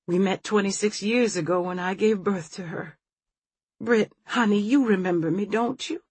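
A woman's voice: medium pitch, moderate pace, slightly rough, no room sound, pitched above the performer's own voice, lightly acted. Woman putting on a tearful, tender mother. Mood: tender pleading. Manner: soft, murmuring, coaxing. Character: tearful middle-aged woman, tender, pleading.

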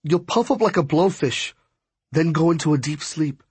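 A man's voice: fairly high pitch, moderate pace, husky, dry recording, pitched above the performer's own voice. A man narrating an audiobook, voicing a frightened, kind teenage girl who explains things hesitantly. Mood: worried.

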